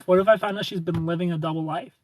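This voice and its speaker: A young man with a high voice talks fast while hosting a livestream, reading viewer comments aloud. He chats casually and rambles in an animated way, repeating phrases and laughing.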